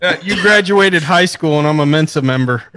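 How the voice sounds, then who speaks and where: A man's voice: fairly high pitch, a little fast, fairly bright tone, no echo, rough recording. A man hosting a casual online group chat, teasing the others in a jokey way.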